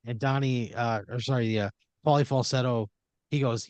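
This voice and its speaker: The recording is muffled and has no room sound as a man with a steady, slightly mellow mid-range voice speaks at a moderate pace. Hosting a comedy podcast, he rambles through an improvised second-person story full of fillers, sometimes slipping into quoted voices.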